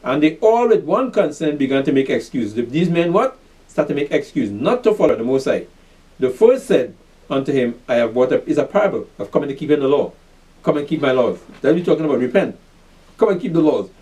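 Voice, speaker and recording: Male preacher, lively swooping delivery, mellow tone, recorded off mic, drills the room with call-and-answer questions. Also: fairly high pitch, brisk, far from the mic, poor audio. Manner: repeats "pay attention", asks and answers his own questions. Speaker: preacher teaching a class. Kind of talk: fiery street-style scripture teaching.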